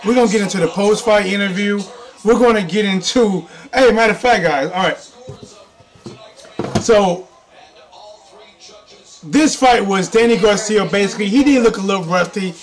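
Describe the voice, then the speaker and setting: A man hosting a sports recap channel, talking excitedly over a fight broadcast, repeating what he hears and calling out to his viewers. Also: high-pitched, normal speed, pauses often, faint music behind. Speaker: sports commentary host. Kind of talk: live reaction and recap commentary.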